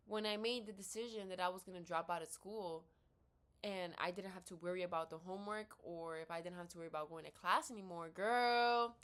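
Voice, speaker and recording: A woman's voice: medium pitch, a bit bright. A young woman telling a story in a casual rant, blunt and swearing freely, acting out both sides of a conversation. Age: young adult. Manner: blunt, swears freely, quotes herself and others in quick dialogue. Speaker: vlogger. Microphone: laptop built-in mic.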